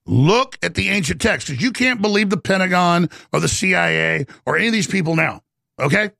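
A man delivering a heated, excited rant as a show host, often stumbling and repeating words as he builds up steam. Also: high-pitched, brisk, vocal fry, dry recording, clean studio sound. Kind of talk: heated ranting monologue.

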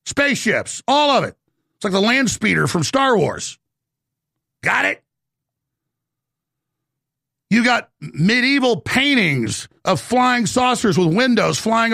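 A man delivering a heated, excited rant as a show host, often stumbling and repeating words as he builds up steam. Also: high voice, gravelly, dry recording, studio quality. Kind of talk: heated ranting monologue.

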